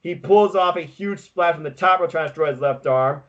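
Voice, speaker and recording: A man co-hosting a podcast, recapping wrestling in casual chat with excitable, quick play-by-play. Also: a little high, muffled recording. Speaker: podcast co-host.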